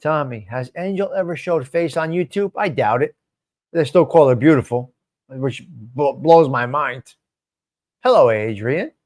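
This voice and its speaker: A man's voice: medium pitch, a little slow, a little mellow. A man hosting a live stream show, chatting casually and answering viewer comments by name in a rambling, swearing way.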